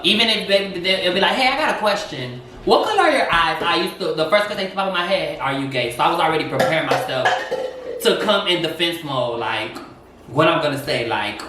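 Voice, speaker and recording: Animated man in an echoey kitchen. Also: a little high, noisy background. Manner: open, animated storytelling with acted-out quotes. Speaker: co-host. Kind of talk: casual chat. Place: home kitchen. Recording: echoey room, mic far off.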